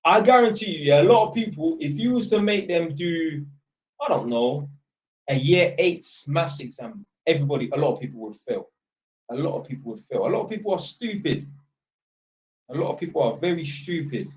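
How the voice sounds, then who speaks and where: A man's voice: fairly high pitch, lively intonation, brisk, darkish tone. A young man chatting on a live stream, rambling and blunt, swearing freely. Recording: dull lo-fi sound.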